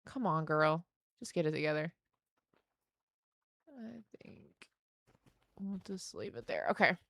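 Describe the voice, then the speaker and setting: A young woman streaming, chatting casually and excitedly as she opens trading cards and speaks warmly to her chat. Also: low-pitched, slow pace, vocal fry, dry recording. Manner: excitable, gasps and squeals at good pulls, earnest and affectionate to chat.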